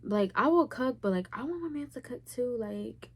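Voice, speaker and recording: A woman's voice: a little high, lively intonation, normal speed, husky. A young woman of Puerto Rican heritage answering viewer questions in a casual, candid vlog, talking freely and filling her sentences with "like". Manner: candid and chatty, heavy use of "like". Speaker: YouTuber.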